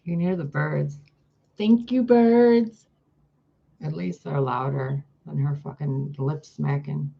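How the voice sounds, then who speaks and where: Woman vlogger, husky and gravelly, exasperated rant, dull phone-mic sound. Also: deep voice, level tone, a little slow, hardly any pauses. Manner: profane, exasperated, ranting. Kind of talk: casual vlog rant.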